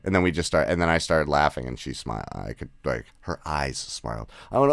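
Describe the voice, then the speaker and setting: Very deep gravelly-voiced man chatting. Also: expressive, quick pace, hardly any pauses, dry recording, studio quality. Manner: rambling, self-correcting, laughs often. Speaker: podcast host. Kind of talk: casual chat with remote guests.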